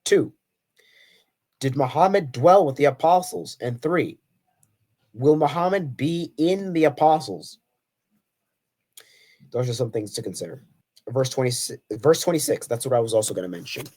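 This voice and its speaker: A man's voice: expressive, normal speed, pauses often, a little mellow. A man hosting a solo video, reading scripture verses aloud and arguing his points with pointed rhetorical questions. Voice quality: voice cracks on high notes. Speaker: Christian apologetics video host.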